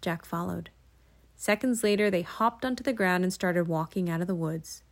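A woman narrating a children's storybook in an expressive, lilting way. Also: lowish voice, moderate pace. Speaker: audiobook narrator.

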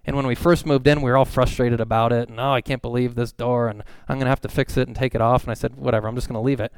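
Smooth-voiced man preaching a sermon. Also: mid-range voice, steady tone, rapid-fire, few pauses, dry recording. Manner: earnest, repeats phrases for emphasis. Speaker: pastor.

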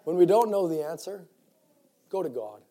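A man preaching a sermon to young people, reading scripture in old-fashioned wording and moving from quiet reflection to loud, fervent exhortation. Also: a little high, lively intonation, moderate pace. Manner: reads scripture in King James wording, with repeated restarts.

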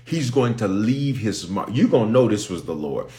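Emphatic low-voiced preaching man. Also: big pitch swings, normal speed, dark tone. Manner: emphatic, repetitive, builds in intensity; pleads with listeners to pay attention. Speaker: bishop. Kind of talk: impromptu live-stream Bible teaching.

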